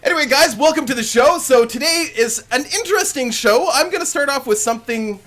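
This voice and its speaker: A man hosting a gaming live stream, excitable and rambling, laughing often. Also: extremely high pitch, fairly quick. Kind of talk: casual live-stream chat.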